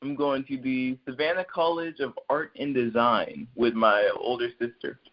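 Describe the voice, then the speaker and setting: A teenage boy guest in a casual video-call interview, soft-spoken, polite and laid-back. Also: mid-range voice, moderate pace, muffled recording.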